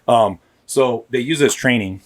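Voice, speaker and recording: A man's voice: medium pitch, moderate pace. A man, a police officer, telling his story candidly and emphatically in a casual podcast interview, often checking in with "right?". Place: podcast studio.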